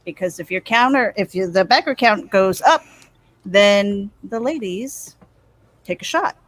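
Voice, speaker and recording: A woman's voice: mid-range voice, expressive, a little slow, a bit bright, no room sound. A woman co-host chats in a giggly, teasing way. Her voice is dry and close, with little room sound. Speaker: stream co-host. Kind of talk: casual chat on a live stream.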